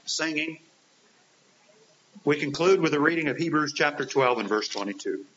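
A man's voice: fairly high pitch, animated, normal speed, fairly bright tone. A man preaching a sermon, earnest, with rising and falling emphasis and rhetorical questions to his listeners. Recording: dull hissy lo-fi recording.

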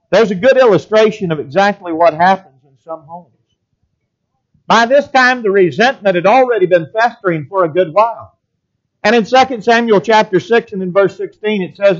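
A man's voice: sits high, highs cut off. A man preaching a sermon and reading scripture aloud in an old-fashioned cadence.

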